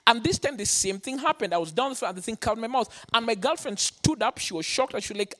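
A man preaching a sermon, telling his own story with lively acted-out quotes. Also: very high voice, fast, hardly any pauses. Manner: animated storytelling, acting out quotes. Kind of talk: sermon testimony.

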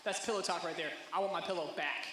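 A man in his thirties preaching a sermon, telling stories that swing from hushed to loud. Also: sits high, fairly even intonation, quick pace, very noisy. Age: 30s. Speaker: pastor. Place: church hall. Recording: echoey hall.

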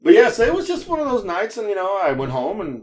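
A man in a relaxed podcast chat tells his stories with plenty of laughter and a slightly raised pitch. He swears freely, restarts his sentences and acts out the voices of the people he quotes. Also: fast. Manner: animated, laughing storyteller with frequent restarts. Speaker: podcast co-host. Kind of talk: casual storytelling chat.

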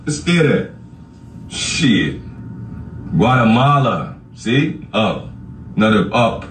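A man's voice: fairly low pitch, big pitch swings, takes it slowly, a bit bright, a little hiss or hum. A man hosting a podcast, ranting casually and profanely straight at his listeners, laughing often as he talks. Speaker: podcast host. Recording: echoey room, far from the mic.

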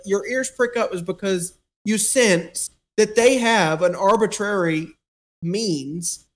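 A man's voice: sits high, animated, slow pace. A man in a casual podcast chat, rambling with many fillers.

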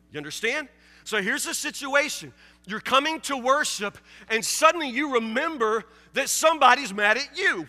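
A man's voice: very high voice, animated, normal speed, pushed and bright, long reverb tail, faint music behind. A male pastor preaching a sermon with emphatic repetition, acting out his listeners' objections. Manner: emphatic, repeats key phrases, acts out listeners' objections.

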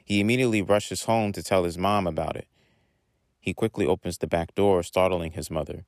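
A man reading a short story aloud in a plain, unhurried way. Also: deep voice, fairly even intonation, dry recording.

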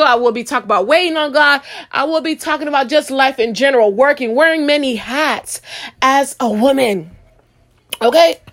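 High-voiced energetic Christian woman podcaster. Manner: energetic, preachy, call-and-response asides. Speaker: podcast host. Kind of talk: casual Christian podcast talk.

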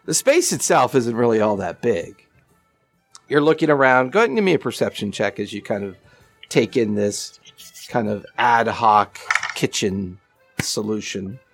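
A man narrating a tabletop game as game master, relaxed and rambling. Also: on the low side, normal speed, faint music behind. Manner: relaxed, rambling, laughs easily.

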